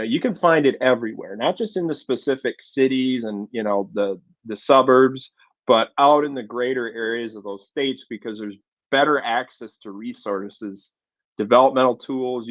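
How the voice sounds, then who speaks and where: Co-hosting a sports chat show, a man with a medium-pitched voice breaks down recruiting analytically, using lots of filler words. The recording is muffled and has no room sound.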